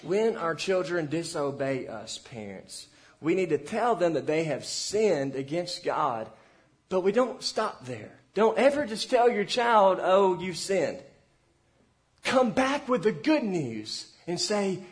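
A young man preaching a sermon to parents, earnest and exhorting, moving between loud appeals and hushed, intimate passages. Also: sits high, animated, slow. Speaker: pastor.

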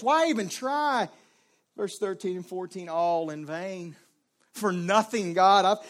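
A male preacher giving a sermon, dropping to a hushed voice and then rising to raised, pleading cries. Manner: swings between hushed low passages and raised pleading cries.

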